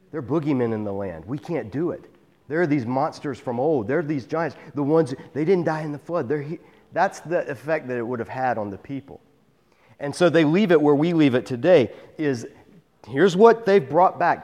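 A man's voice: on the high side, darkish tone. A man giving a conversational Bible teaching, reading verses and adding wry asides. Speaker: pastor. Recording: long reverb of a large room.

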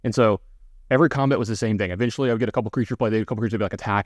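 Fast-talking man telling a rambling story. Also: fairly low pitch, no room sound. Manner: rambling, filler-heavy anecdotes. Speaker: podcast co-host. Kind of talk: casual storytelling.

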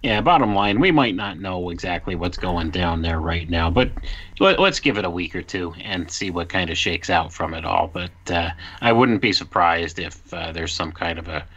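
A man's voice: low voice, lively intonation, moderate pace, a bit bright, lo-fi sound. A man speaking in a matter-of-fact way in a casual live-stream chat.

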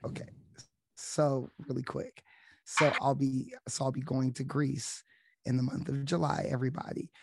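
Brief: male guest artist, gravelly, dry close sound, loose easy delivery. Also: mid-range voice, dry recording. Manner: relaxed, halting, with filler words. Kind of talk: casual chat.

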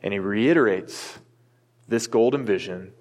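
A man's voice: on the low side, a little slow, a little mellow. Earnest preaching man, long hall reverb. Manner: earnest, emphatic, with light asides. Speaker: pastor. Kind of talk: sermon. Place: church sanctuary.

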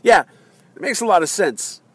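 Male vlogger, slightly high voice, heated rambling rant, recording from a car. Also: lively intonation, moderate pace, a bit bright, husky, dry recording. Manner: heated, rambling, with many fillers and restarts. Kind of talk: ranting political monologue. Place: in a car in traffic.

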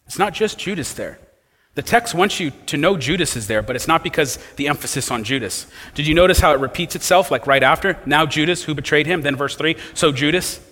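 A man's voice: on the high side, expressive, a little fast, a bit bright. Man, pastor, preaching, rhetorical questions, reverberant hall. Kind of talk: sermon.

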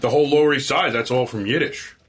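A man's voice: medium pitch, fast, fairly bright tone. A man with a Queens accent chatting casually in a tattoo shop, rambling with stammers and restarts. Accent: Queens, New York. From Queens, New York. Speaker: podcast host as guest. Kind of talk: casual chat. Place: tattoo shop after hours.

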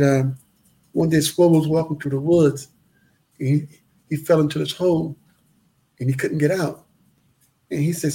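A man tells a long personal story, slipping into the voices of everyone in it. His voice is gravelly and sits a little high for a man. He repeats his phrases for emphasis. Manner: animated, acts out quoted voices, repeats phrases. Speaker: guest telling his life story. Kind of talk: casual storytelling interview.

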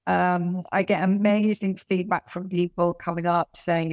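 A woman in her late fifties with a London accent, chatting as an interview guest in an animated, self-mocking way with many restarts. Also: on the low side, measured pace, dry recording, studio quality. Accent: London English. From London, England. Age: late 50s. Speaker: guest author and performer. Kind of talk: casual interview chat.

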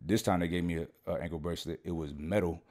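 A man's voice: deep voice, steady tone, fast, darkish tone. A man, a podcast guest, telling a long personal story in a casual, slangy way, swearing often and checking in with "you know what I'm saying".

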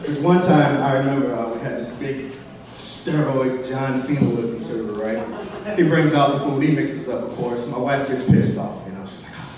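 A man's voice: mid-range voice, moderate pace. A man doing a stand-up comedy set, telling a story in a conversational way and tossing in "right?" asides. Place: comedy club stage. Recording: far-off mic in an echoey hall with loud audience noise.

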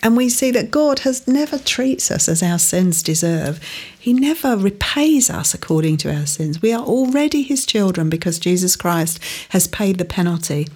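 A woman's voice: mid-range voice, animated, moderate pace, darkish tone, breathy edge. A woman preaching a sermon, teaching earnestly from scripture with emphatic rising stresses.

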